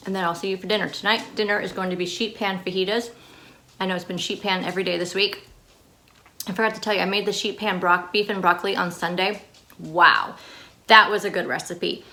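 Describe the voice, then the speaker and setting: A woman's voice: mid-range voice, a bit bright, slight background noise. Chatty woman vlogging. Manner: chatty, rambling with fillers and restarts. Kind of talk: casual vlog chat.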